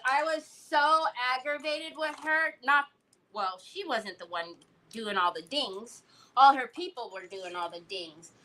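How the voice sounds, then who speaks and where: Chatty woman hosting a live craft stream, animated storytelling, bright and a bit high. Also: rough recording. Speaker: craft livestream host. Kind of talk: casual chat while crafting live.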